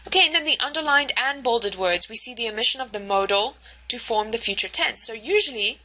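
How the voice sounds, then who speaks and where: A woman's voice: on the high side, expressive, brisk, pushed and bright, rough recording. A woman teacher giving a recorded lecture over slides, explaining step by step with frequent fillers and checks like "right?".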